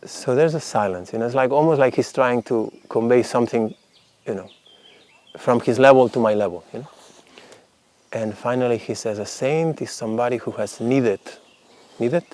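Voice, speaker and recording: A man's voice: mid-range voice, normal speed. A man telling a personal story casually, rambling with many fillers. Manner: rambling, lots of fillers, animated when quoting others.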